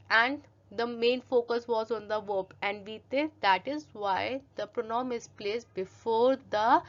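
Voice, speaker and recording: A woman's voice: fairly high pitch, lo-fi sound. A woman teaching a French grammar lesson from slides, reading each French example and then translating and explaining it step by step in English.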